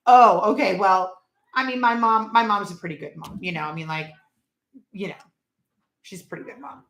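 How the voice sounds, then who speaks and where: Middle-aged woman, live-stream host, chatty and rambling, bright tone, echoey room. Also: mid-range voice. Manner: chatty, rambling, laughs at viewers' jokes. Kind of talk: casual live-stream chat.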